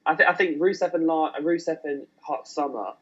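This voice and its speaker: A man co-hosting a casual wrestling podcast, excitable and stumbling over his words. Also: fairly high pitch, moderate pace, slightly rough, muffled recording. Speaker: podcast co-host.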